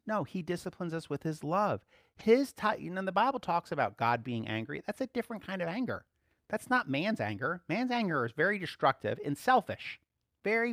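A man's voice: a little high, fairly bright tone, no echo, clean studio sound. A man preaching a sermon in a conversational way, often checking in with his listeners and rising to emphatic bursts. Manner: frequent rhetorical check-ins. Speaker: pastor.

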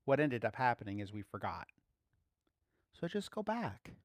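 A man's voice: mid-range voice, sing-song, normal speed, dry recording, clean studio sound. A man giving a casual, playful sermon, laughing often as he speaks. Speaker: preacher.

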